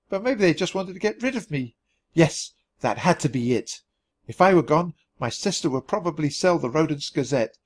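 Expressive man reading a storybook aloud. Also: mid-range voice. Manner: expressive first-person storytelling. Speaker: storybook reader. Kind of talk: reading a children's book aloud for learners.

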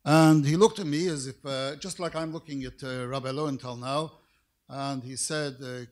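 A middle-aged man giving a formal lecture, telling anecdotes with careful, precise diction, measured pacing and dry humor. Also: medium pitch, fairly even intonation, a little hiss or hum. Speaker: rabbinic lecturer.

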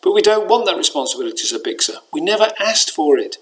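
A man's voice: high voice, sing-song, fast talker, fairly bright tone, pitched above the performer's own voice. A man voicing a sulky young female creature with needles, muttering reluctantly in a storybook.

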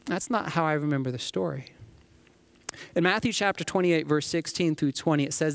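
A man's voice: fairly high pitch, expressive, moderate pace, creaky, pauses often, no echo. A man preaching a sermon as a pastor, telling the scripture scenes like a story and acting them out.

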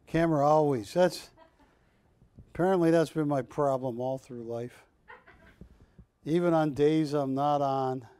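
A man hosting a live shopping channel show, pitching art in joking, drawn-out salesman patter from a studio. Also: warm tone, clear, resonant tone.

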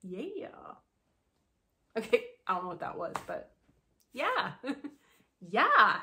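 A woman talking frankly in a casual commentary vlog, blunt and quick to laugh. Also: on the high side, wildly swooping pitch, bright, forceful tone. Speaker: commentary vlogger.

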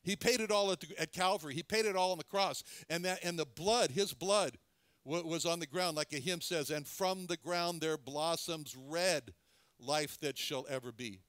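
A man delivers a sermon in a somewhat higher voice. He speaks earnestly but haltingly, restarting phrases and repeating words as he lingers on them. The sound is dry and close, with no room echo. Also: a bit bright. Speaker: preacher.

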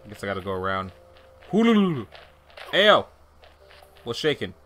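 A man giving casual gameplay commentary, chatty and animated, thinking aloud as he plays. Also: deep voice, very fast, a little hiss or hum. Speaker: let's play gamer.

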